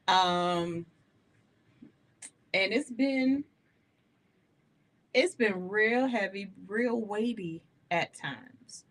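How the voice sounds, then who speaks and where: A woman hosting a live gospel radio show, talking to listeners in an animated, candid way and laughing often. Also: mid-range voice, extremely slow, pauses often. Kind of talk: live-streamed radio talk, testimony.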